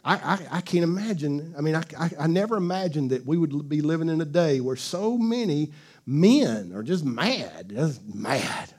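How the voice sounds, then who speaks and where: A male pastor with a notably high voice preaches in an easy, conversational way. He chuckles often and keeps prompting the congregation to answer back. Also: lively intonation, moderate pace, darkish tone, slightly rough. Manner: conversational, laughing, call-and-response with the congregation. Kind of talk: sermon.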